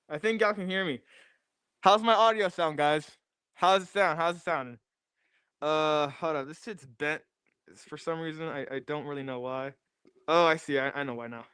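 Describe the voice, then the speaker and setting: Young guy streaming from his garage on a new mic, keeps saying the same stuff over, voice pretty high and clean. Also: a bit bright, clean tone, dry recording, clean studio sound. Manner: restless, repeats phrases while fiddling with gear. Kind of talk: casual livestream chat. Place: home garage. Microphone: new desk microphone.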